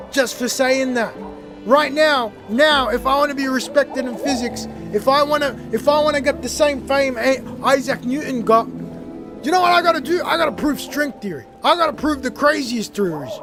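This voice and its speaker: A young man streaming a game, chatting casually and rambling, often getting worked up and loud. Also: very high voice. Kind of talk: casual livestream gaming chat. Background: game music.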